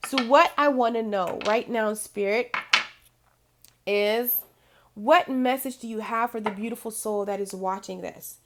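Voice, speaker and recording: Woman, high voice, spiritual guide, motivational talk to camera, emphatic, repeats phrases. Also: measured pace, a little hiss or hum. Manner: laughs often while talking.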